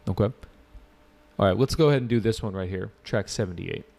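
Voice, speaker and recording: A man's voice: fairly low pitch, fairly quick, vocal fry, mellow. A man teaching a live online test prep class, casual and joking as he walks through questions and answers student chat.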